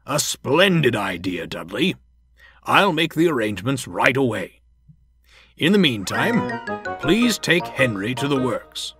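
A man's voice: mid-range voice, sing-song, a little slow, a bit bright, slightly rough, no echo, soft background music, full character voice. A man doing a stern railway boss. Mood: commanding. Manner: authoritative, decisive.

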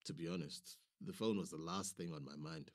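A man's voice: deep voice, steady tone, a little fast. A man performing a dramatic monologue as a nurse, telling a story vividly and switching between voices.

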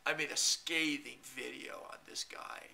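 A man telling a long rambling story to his camera, halting and repeating himself and chuckling often. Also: mid-range voice, steady tone, gravelly, pushed and bright. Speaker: video blogger.

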